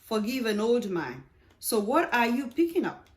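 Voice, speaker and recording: A woman's voice: fairly high pitch, big pitch swings, moderate pace, pitched above the performer's own voice. A woman voicing a nosy, chatty old male neighbor who teases and rambles in a friendly way.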